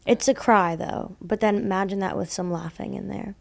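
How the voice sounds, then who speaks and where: A woman's voice: medium pitch, steady tone, moderate pace, vocal fry, a little mellow. A young woman co-hosting a podcast, telling a story in a rambling casual way, full of fillers and laughing at herself. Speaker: podcast co-host telling ghost stories.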